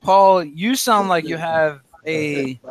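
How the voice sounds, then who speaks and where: A man's voice: a little high, slow pace, a crowd in the background. An American man hosting a casual group chat, asking questions in an incredulous tone. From United States. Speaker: host.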